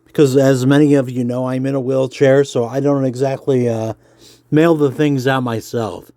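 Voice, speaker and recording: A man's voice: medium pitch, moderate pace, no echo, studio quality. A man who calls his own voice nerdy, casually reading an interview aloud and chatting while he colors a drawing. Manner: self-described nerdy voice, relaxed with fillers. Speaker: comics vlogger.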